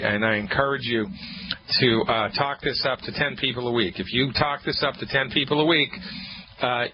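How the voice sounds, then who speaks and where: Male call-in radio host, salesy and repetitive, medium pitch, muffled broadcast audio. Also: slight background noise. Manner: upbeat, salesy, repeats key points.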